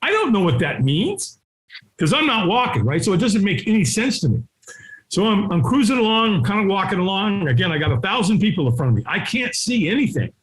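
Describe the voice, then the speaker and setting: A middle-aged man telling a story as an interview guest, acting out the voices of people in it and sometimes shouting. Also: high-pitched, big pitch swings, a little fast. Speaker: guest, firewalking instructor. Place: his home.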